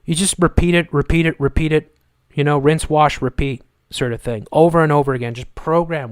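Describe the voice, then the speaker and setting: A man rants through a live commentary stream, angry and sarcastic, and he circles back to the same phrases again and again. His voice sits a little high for a man. It is picked up on a close, dry mic with almost no room sound. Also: brisk, no echo. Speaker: livestream host.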